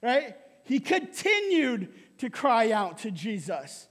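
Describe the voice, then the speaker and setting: High-voiced pastor preaching in a reverberant hall. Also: male voice, slow, hardly any pauses. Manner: lively, repeats "right?" and laughs often. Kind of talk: sermon. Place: church hall.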